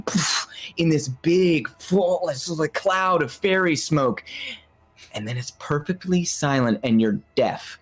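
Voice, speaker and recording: A woman narrating a tabletop horror game as game master, playful and quick to laugh. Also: low-pitched. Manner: lively, playful, laughing narration with sudden voice swings.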